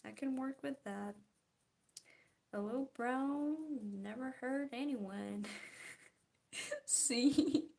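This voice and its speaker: Her voice is high, creaky and darkish, and she speaks very slowly with frequent pauses. She's a young art vlogger who chats casually and giggles as she paints, letting her words fade into murmured, half-whispered asides.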